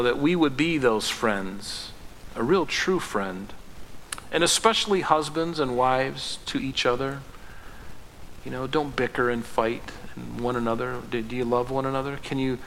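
Seorang pendeta pria berkhotbah dengan gaya santai seperti mengobrol. Ia sering mengulang kata dan melontarkan pertanyaan retoris yang tegas. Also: male voice, medium pitch, normal speed, fairly bright tone, a little hiss or hum. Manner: conversational preaching with emphatic rhetorical questions; restarts and fillers, rising to fervent prayer. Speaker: pastor. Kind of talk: sermon.

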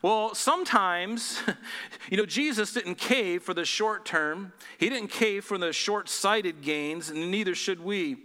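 A man preaching a sermon as pastor, animated and full of rhetorical questions. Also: high voice, slow pace, long reverb tail.

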